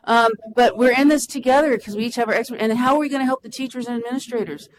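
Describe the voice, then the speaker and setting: A woman's voice: a little high, very fast, rough recording. A woman in her forties, a school counselor, speaking passionately and emotionally at a public meeting. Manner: impassioned and emotional.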